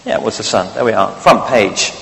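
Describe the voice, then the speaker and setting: A man's voice: fairly low pitch, fairly even intonation, rapid-fire, vocal fry, a bit bright, long reverb tail, low-quality recording. A man preaching a sermon, conversational and wry, with frequent fillers.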